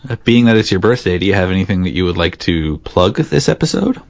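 A man's voice: sits low, sing-song, fast, creaky, dry recording. A man co-hosting a podcast in casual chat, rambling and teasing with many fillers. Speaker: podcast co-host.

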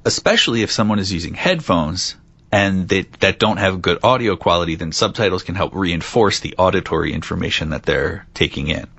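A man's voice: low-pitched, a little fast, vocal fry, a bit bright, slightly rough, no room sound, dull audio. A man hosting a casual podcast, reading out facts and teasing his co-host with frequent laughs.

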